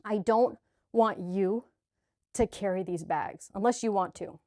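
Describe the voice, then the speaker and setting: A woman's voice: medium pitch, measured pace, darkish tone, no echo, clean studio sound. Earnest, gushing woman vlogger. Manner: earnest, gushing, with restarts and filler. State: sweaty, a little choked up. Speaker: spiritual vlogger. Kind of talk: heartfelt direct-to-camera vlog.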